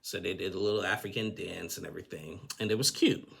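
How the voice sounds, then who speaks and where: A man's voice: low voice, fast, gravelly, a bit bright, breathy edge. A man giving a casual, rambling recap of a TV episode, often restarting his sentences and chuckling. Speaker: TV recap host.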